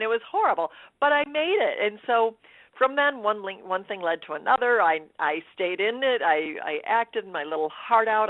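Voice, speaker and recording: A woman telling her story as a radio interview guest, animated and laughing, acting out her own thoughts. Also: mid-range voice, dry recording. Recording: dry tinny phone line.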